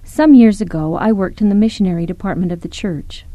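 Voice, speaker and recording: A woman reading a devotional talk aloud in an earnest, measured way, recounting a church story. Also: medium pitch, dark tone, dry recording.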